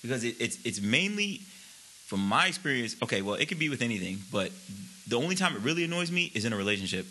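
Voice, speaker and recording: A man's voice: mid-range voice, sing-song, fast talker, bright, forceful tone, slight background noise, low-quality recording. A man co-hosting a casual podcast chat, blunt and profane, teasing his friend. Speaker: podcast co-host.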